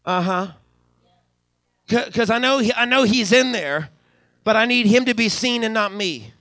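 Pastor guy preaching live in church, high bright voice, stutters words as he builds, dry sound. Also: measured pace, no echo. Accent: Western Pennsylvania. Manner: repeats words when building up, calls out hallelujah. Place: church sanctuary.

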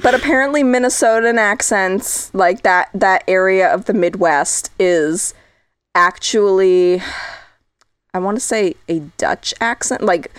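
A woman's voice: mid-range voice, a little slow, clear, resonant tone, dry recording. A woman co-hosting a podcast in casual chat, talkative and prone to laughing and going off on tangents. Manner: chatty, tangential, laughs often. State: losing her voice. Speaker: podcast co-host.

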